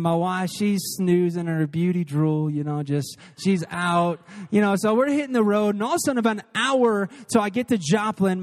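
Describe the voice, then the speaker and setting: A man from Missouri preaching a sermon, telling a comic personal story and acting out the voices in it. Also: high-pitched. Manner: animated storytelling, acts out voices.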